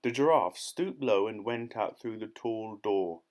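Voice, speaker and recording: A man narrating a children's audiobook in a clear, steady storytelling manner. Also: fairly low pitch, unhurried. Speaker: audiobook reader.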